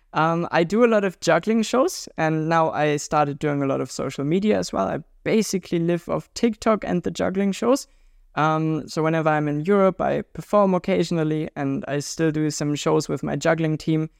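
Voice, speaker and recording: At a moderate pace, a gravelly-voiced young German man with a German accent speaks casually and brightly as an interview guest. He is in his twenties and travels the world juggling, and his pitch jumps when he gets animated. There's no room sound, just clean studio audio.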